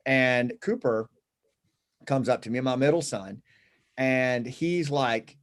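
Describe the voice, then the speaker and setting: A middle-aged man speaking at an ordinary pitch, in the earnest, unhurried tone of someone recounting something that mattered to him. He talks in a casual conversational style, pausing and restarting with small fillers as he gathers his thoughts. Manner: earnest, reflective, halting with fillers. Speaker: guest. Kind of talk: casual conversation, personal storytelling.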